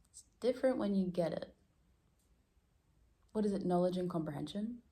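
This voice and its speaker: A woman's voice: on the low side, expressive, measured pace, warm tone. A woman vlogging at home in a rambling, self-deprecating casual chat, often laughing. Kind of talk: casual reflective vlog chat. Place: room at home.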